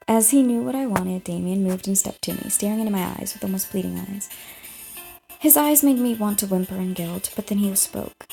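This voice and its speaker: A woman's voice: medium pitch, fairly quick, creaky, dark tone, faint music behind. A young woman hosting a let's play, reading a visual novel aloud, giggling and tripping over her words while chewing gum.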